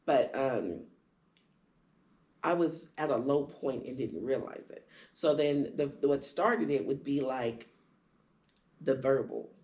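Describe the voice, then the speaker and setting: A woman candidly telling her own story in conversation, acting out quoted lines with sudden jumps in pitch. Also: animated, slow, long pauses, darkish tone. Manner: acts out quoted dialogue with big pitch jumps. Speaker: guest sharing her story.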